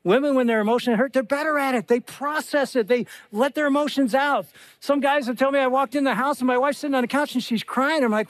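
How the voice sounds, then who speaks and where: Older guy preaching, high-ish voice, acts out the quotes, dry close sound. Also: fairly quick, no echo, faint music behind. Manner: animated, acts out dialogue with big voice jumps. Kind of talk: sermon to a live audience.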